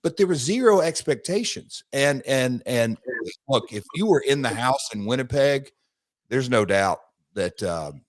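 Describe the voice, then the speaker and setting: A man, co-hosting a podcast, telling animated stories and repeating himself as he goes. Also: medium pitch, a little slow, no echo. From United States. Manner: animated storytelling, rambling with restarts. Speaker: podcast co-host, former wrestler. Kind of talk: casual podcast chat.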